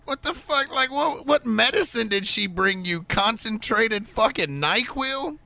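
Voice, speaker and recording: A young man's high voice, bright and sharp, bouncing around a lot as he mocks a friend in crude podcast banter. He curses freely. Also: lively intonation, measured pace, creaky. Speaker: podcast co-host. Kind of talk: casual chat.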